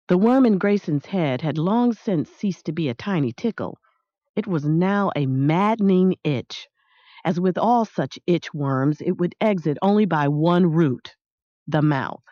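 A woman reading a storybook aloud as its narrator, in an expressive, animated way, in a dull, dry recording. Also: deep voice, a little slow, no echo. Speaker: audiobook narrator.

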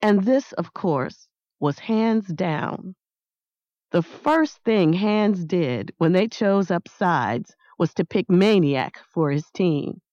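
A woman narrating an audiobook in a measured, lyrical reading. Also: lowish voice, animated, warm tone, dry recording. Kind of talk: scripted narration. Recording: dry, slightly dull close-mic sound.

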